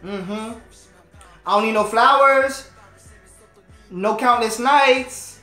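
A man's voice: extremely high pitch, slow pace, sharp tone, echoey room. A man hosting a music video reaction, gushing and playful as he comments. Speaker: host of a music reaction channel.

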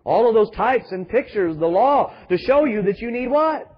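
A man's voice: sits high, lively intonation, normal speed, lo-fi sound. A man pastor preaching a sermon with emphatic rhetorical questions and calls to the congregation.

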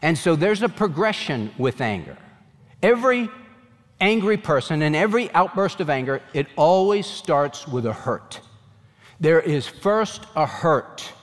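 A man's voice: a little high, big pitch swings, measured pace, long reverb tail. A man preaching a sermon as pastor, earnest and emphatic, raising his voice in pleading questions.

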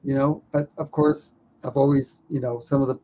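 A man who is a documentary filmmaker, telling a story in an interview with lively stammers and repeated words. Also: mid-range voice, normal speed, slight background noise.

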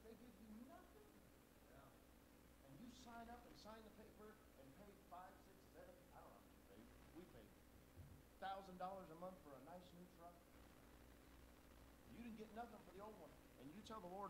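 A man's voice: sits high, sing-song, a little fast, heavy background noise. A male pastor preaching a sermon at a conference, telling stories, acting out quoted voices and reading scripture in old-style wording. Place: church conference hall.

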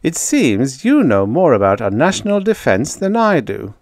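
A man's voice: mid-range voice, sing-song, moderate pace, no room sound, studio quality, voice pushed up. A man voicing a grave, stern male head of state who speaks formally.

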